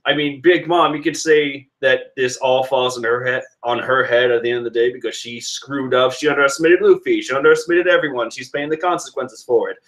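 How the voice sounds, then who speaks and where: A man casually reading and reacting to a comic chapter, animated and rambling with restarts. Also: medium pitch, fairly quick, hardly any pauses.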